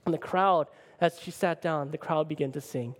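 A male preacher tells a story in an animated, conversational sermon style, often pausing to check in with the listeners. His voice sits a bit high for a man. It rings out with the long reverb of a large church hall. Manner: animated, conversational, keeps asking "right?". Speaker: pastor.

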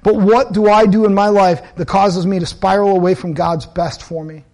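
A pastor with a fairly high male voice delivers a sermon. He talks earnestly and conversationally, weaving in personal stories and repeating key phrases for emphasis. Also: little pitch movement, normal speed, darkish tone.

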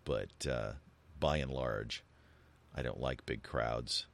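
A man's voice: a bass voice, slow, creaky, a bit bright. A man co-hosting a casual talk show, rambling and joking, with many restarts and fillers. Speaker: co-host. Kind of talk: casual chat.

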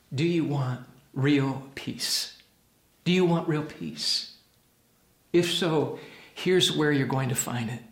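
A man preaching a sermon with passion, acting out quoted figures in a raised voice. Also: roomy sound. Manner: impassioned preaching, voices quoted figures with rising pitch and force. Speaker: pastor.

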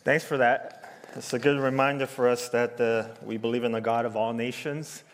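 A man's voice: mid-range voice, fairly even intonation, normal speed. Man preaching in a reverberant church. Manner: conversational, asks the room "right?" often. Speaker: pastor. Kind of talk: sermon. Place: church sanctuary. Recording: church hall with long reverb.

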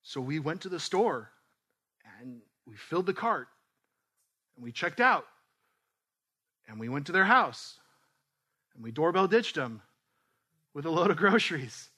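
A man preaching in a church, his voice bright and forceful. He tells the story in a relaxed, conversational way, often stopping and restarting his sentences before landing a point. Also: fairly high pitch, unhurried, pauses often. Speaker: pastor. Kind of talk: storytelling sermon.

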